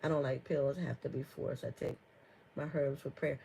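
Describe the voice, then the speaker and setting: A woman's voice: extremely low pitch, fairly even intonation, normal speed, creaky, mellow, breathy edge, rough recording. A woman hosting a live stream as an herbalist, talking casually with lots of fillers and reading viewer comments aloud. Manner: chatty, laughs often, many fillers; reads viewer comments aloud and answers them.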